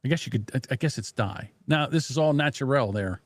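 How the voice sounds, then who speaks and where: A man's voice: mid-range voice, fairly quick, no echo. Guy live streaming from his desk, talking to himself, swears a lot, dry close sound. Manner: muttering to himself while fiddling with software; blunt, profane, mocking. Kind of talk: casual live stream chat. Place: home desk. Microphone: desk microphone.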